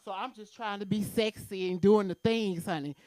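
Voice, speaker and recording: A woman's voice: medium pitch, normal speed, mellow, dry recording. A woman doing a brash, profane stand-up set at an open mic in a comedy club.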